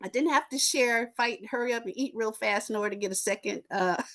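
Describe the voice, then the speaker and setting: A woman's voice: on the high side, fast, a bit bright. A woman with a Southern US accent, an attorney and podcast guest, telling stories animatedly with frequent laughter and asides. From Memphis, Tennessee, US. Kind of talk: storytelling in an interview.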